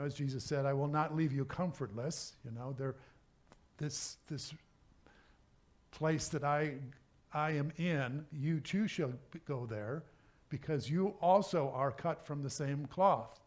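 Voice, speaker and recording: Halting, conversational male minister. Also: on the high side. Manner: conversational, halting, with many restarts. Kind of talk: sermon talk. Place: church service.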